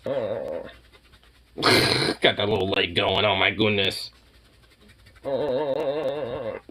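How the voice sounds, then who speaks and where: A young man vlogging in a casual, rambling way who coos at his dog in high baby talk. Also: fairly even intonation, slow pace, a loud crowd. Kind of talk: casual chat.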